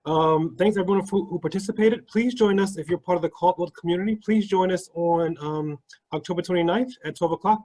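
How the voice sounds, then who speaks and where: A man's voice: on the high side, mellow, rough recording. A man organizing the event, giving casual closing thanks and announcements over a video call. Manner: casual, many "um" fillers.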